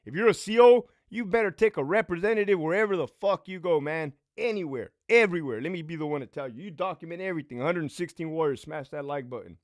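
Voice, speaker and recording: A man's voice: on the high side, lively intonation, quick pace, hardly any pauses, no room sound, clean studio sound. A man hosting a live stream, telling stories and ranting bluntly with heavy swearing, acting out the quoted voices as he goes. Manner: acts out quoted voices while retelling. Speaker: livestream host. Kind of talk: casual livestream storytelling.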